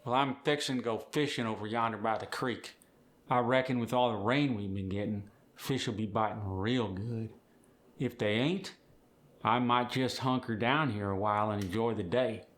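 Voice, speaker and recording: A man voicing an easygoing rural Tennessee man who tells stories slowly, with an Appalachian accent. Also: lowish voice, fairly bright tone, lightly acted. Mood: relaxed drawl. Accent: Appalachian (East Tennessee). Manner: slow, drawn-out porch storytelling.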